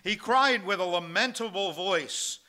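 A man's voice: high voice, a little slow, sharp tone, a little hiss or hum. A man preaching a sermon as pastor, reading scripture and speaking with many fillers and restarts. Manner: reads scripture in King James wording, with frequent fillers and restarts.

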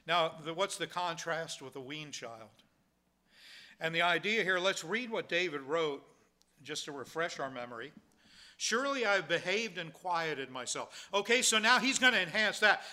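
A man's voice: high-pitched, sharp tone. A man preaching a sermon in a conversational way, asking rhetorical questions and restarting his sentences. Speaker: pastor.

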